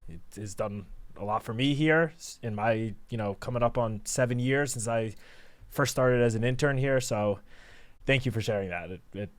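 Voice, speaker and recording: A man co-hosting a sports talk show, sincere and soft-spoken. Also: mid-range voice, moderate pace, dry recording. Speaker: co-host.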